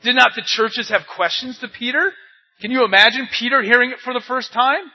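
An older pastor preaches in a high, husky voice, talking his listeners through the text with rhetorical questions and anecdotes. The sound is dull and lo-fi. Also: a little fast. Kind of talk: conversational sermon. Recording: dull lo-fi recording.

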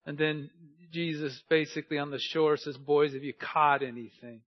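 A man preaching a sermon as pastor, swinging from loud urging to quiet, drawn-out phrases. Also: a little high, steady tone, highs cut off.

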